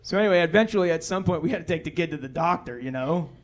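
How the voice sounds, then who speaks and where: A man's voice: a little high, lively intonation, rapid-fire, a crowd in the background. A man doing laid-back stand-up storytelling, rambling along and acting out the people in his stories. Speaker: stand-up comedian. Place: comedy club stage.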